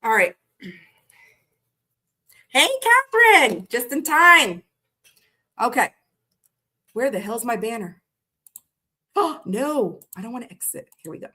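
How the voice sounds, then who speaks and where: A middle-aged woman doing a casual live-stream tarot reading, talking in a chatty, blunt and animated way. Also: a little high, a little slow, long pauses. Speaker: tarot reader.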